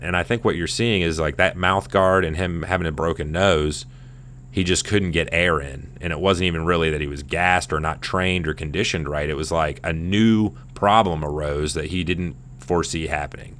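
A man in his thirties talks casual sports in a low, deep voice. He rambles and swears as he tells the story with animation. A faint hum runs under the recording. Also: fairly bright tone. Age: 30s. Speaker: podcast host.

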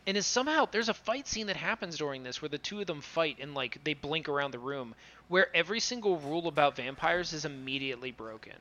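A man's voice: on the high side, expressive, fast, sharp tone, highs cut off. A man co-hosting a casual podcast, exasperated and swearing about an anime he watched. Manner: exasperated, swears freely, laughs. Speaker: podcast co-host. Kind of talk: casual anime review chat.

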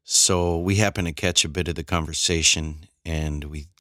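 A man's voice: rumbling low, steady tone, normal speed, a bit bright. A man co-hosting a podcast, making jokey asides and introducing a segment in a casual way. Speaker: podcast co-host. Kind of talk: casual chat and show intro.

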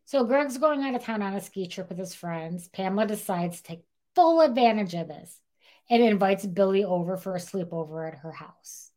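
A woman's voice: medium pitch, normal speed. A young woman hosting a podcast, retelling a true-crime story in a casual chatty way and acting out the quoted lines. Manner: animated, acts out quotes in dialogue, says "like" a lot. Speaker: podcast co-host.

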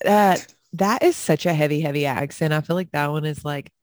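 A woman's voice: low-pitched, a little fast, dry recording, clean studio sound. A young woman co-hosting a podcast, trading sassy, profane banter in a casual chat. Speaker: podcast co-host.

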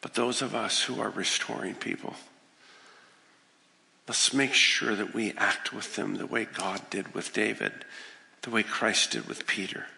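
Fervent pastor with a gravelly, bright voice. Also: male voice, lowish voice, fairly even intonation, unhurried. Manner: dramatic, acts out voices with humor, swings from loud to hushed. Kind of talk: sermon. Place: church sanctuary. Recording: reverberant church hall.

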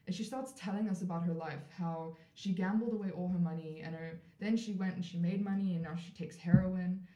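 A woman with a somewhat low voice recounts a personal story as a podcast guest, casual and animated. She acts out the voices of the people in her story and leans on "like" fillers. The room around her sounds echoey. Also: fairly quick. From South Africa.

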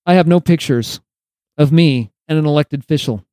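A man's voice: a little high, moderate pace, mellow, no echo. A male podcast host delivering opinionated solo commentary, sarcastic and emphatic, lecturing his listeners.

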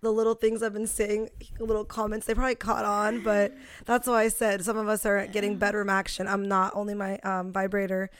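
A woman's voice: medium pitch, completely flat delivery, fairly quick. A woman co-hosting a podcast from a bedroom, chatting casually, blunt and crude with jokes, while she is sick with body aches. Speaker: podcast co-host. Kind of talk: casual chat. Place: small bedroom.

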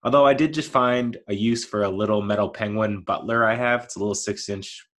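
A man's voice: fairly low pitch, fairly even intonation, a little fast. Rambling, self-mocking man in his thirties. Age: 30s. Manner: rambling, self-deprecating, laughs at himself; mild-mannered, never yells. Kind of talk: casual solo monologue.

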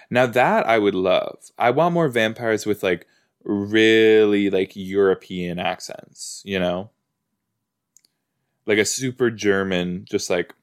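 Slow-talking low-voiced man chatting. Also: clear, resonant tone. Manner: chatty, rambling, lots of "like" and "you know". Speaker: podcast host. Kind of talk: casual watch-along commentary.

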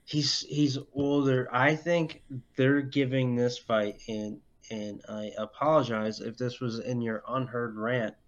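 A man co-hosting a fight podcast, talking slowly and haltingly, with ums and uhs filling his pauses. His audio is dull and lo-fi, as if from a cheap mic. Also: medium pitch, steady tone. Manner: slow, halting, lots of fillers. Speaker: podcast co-host. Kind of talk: casual chat.

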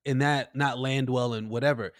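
A man's voice: medium pitch, steady tone, moderate pace, dry recording, studio quality. A man in a casual podcast chat who talks animatedly, often acting out quoted voices and saying "bro".

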